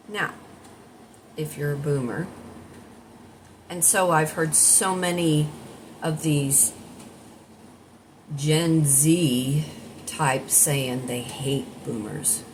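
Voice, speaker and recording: She is an American woman in her sixties, a vlogger and life coach, casually and directly rambling through a morning chat to camera from her home. Her deep voice is animated but slow, broken by long pauses, and the rough recording has a little hiss or hum.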